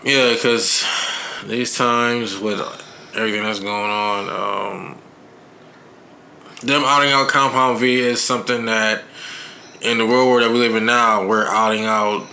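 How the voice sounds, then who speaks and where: Bright-voiced man in casual podcast chat. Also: on the low side, a little slow, pauses often, slight background noise. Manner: animated, does goofy put-on accents. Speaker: podcast co-host.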